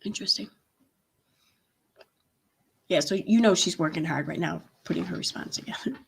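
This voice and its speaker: A woman's voice: fairly low pitch, moderate pace, creaky, breathy edge. A woman hosting a casual livestream, chatting and reacting with sarcastic, laughing commentary. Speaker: commentary channel host.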